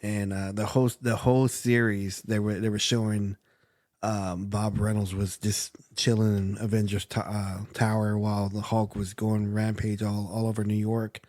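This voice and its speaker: A man's voice: lowish voice, level tone, moderate pace, a little mellow, no room sound, studio quality. A man co-hosting a podcast, casually recapping comic storylines with lots of fillers. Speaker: podcast co-host.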